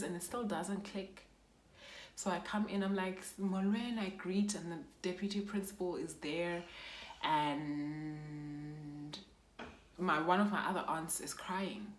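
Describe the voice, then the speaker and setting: A young South African woman tells a deeply personal storytime in a lowish voice, her words heavy with feeling. She drops Xhosa phrases into her English as she talks. The room around her sounds echoey. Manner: emotional, mixes in Xhosa phrases. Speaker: YouTuber. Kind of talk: storytime vlog.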